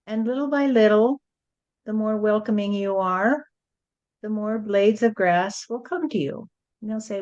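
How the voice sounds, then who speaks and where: A woman channeling a spiritual teaching, gentle and repetitive, often adding "you see", on a dull lo-fi recording. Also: medium pitch, unhurried.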